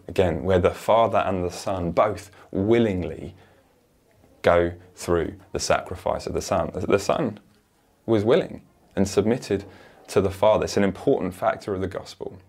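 A man's voice: low voice, darkish tone. A man preaching a sermon in an earnest, emphatic way.

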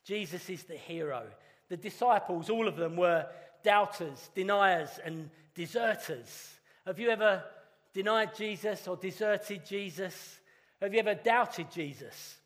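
A man's voice: high voice, fairly bright tone. Earnest man preaching in a reverberant church. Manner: earnest, conversational with dramatic pauses. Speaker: pastor. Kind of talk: sermon. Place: church hall. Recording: long reverb of a church hall.

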